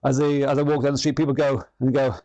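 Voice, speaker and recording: A man's voice: medium pitch, level tone, fast talker, dark tone, no echo. A man leading an online exercise class, chatty and self-mocking as he exercises along. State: exercising as he talks. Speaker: fitness instructor.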